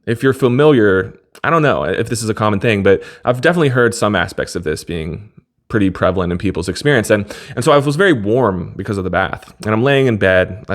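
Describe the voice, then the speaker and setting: A young man vlogging, telling a long personal story in a loose, rambling way, often stopping and restarting. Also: lowish voice. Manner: rambling, self-interrupting, laid-back. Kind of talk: casual monologue to camera.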